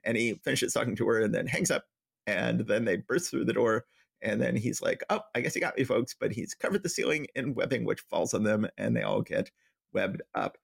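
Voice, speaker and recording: A man's voice: lowish voice, normal speed, vocal fry, breathy edge, dry recording, clean studio sound. A man co-hosting a podcast, casually recapping comic book plots and reading quoted dialogue in a light voice. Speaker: podcast co-host.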